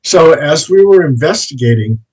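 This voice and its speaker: A man's voice: fairly high pitch, lively intonation, normal speed, darkish tone, slightly rough, low-quality recording. A man who is a paranormal investigator, telling his cases in an interview in a plain, anecdotal way, repeating his set phrases. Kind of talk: interview storytelling.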